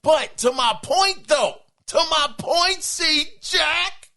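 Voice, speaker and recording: A man's voice: very high voice, animated, slow pace, pushed and bright. A man hosting a podcast, reading a listener email in casual chat, exclaiming, laughing and stammering as he talks. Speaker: podcast host.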